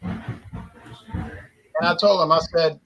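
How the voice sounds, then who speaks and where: A man co-hosting a casual talk show, telling animated opinionated stories and mimicking people he quotes. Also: fairly high pitch, normal speed, muffled recording. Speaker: podcast co-host.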